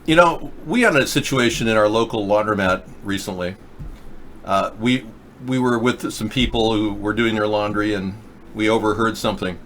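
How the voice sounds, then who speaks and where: A man's voice: fairly low pitch, expressive, moderate pace, a bit bright, a little hiss or hum. A man hosting a casual livestream chat show, rambling and sarcastic as he scolds chat users. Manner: rambling, sarcastic, mocking chatters. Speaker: political talk show host. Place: in the US Pacific Northwest.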